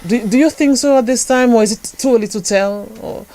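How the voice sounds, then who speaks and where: A man hosting a radio interview, reacting with eager interjections and posing careful, slow questions. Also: very high-pitched, darkish tone. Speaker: radio host.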